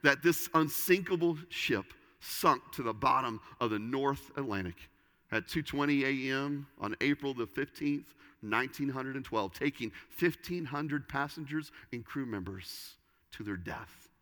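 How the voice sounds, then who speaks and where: A man preaching a sermon, swinging between loud emphasis and hushed, quiet lines. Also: medium pitch, measured pace, in a large hall. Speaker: pastor.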